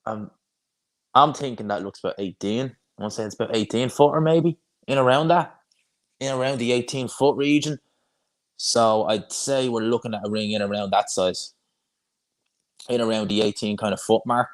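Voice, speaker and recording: A man's voice: mid-range voice, moderate pace. A young man hosting a live boxing watch-along, chatting casually and rambling through viewer comments with frequent restarts.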